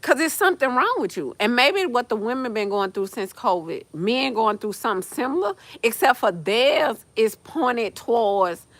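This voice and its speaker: A woman's voice: on the high side, moderate pace, few pauses, no room sound. A young woman, hosting a livestream and talking in a blunt, profane, casual rant. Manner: blunt, profane, animated ranting with laughs. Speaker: livestream host. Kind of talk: casual chat.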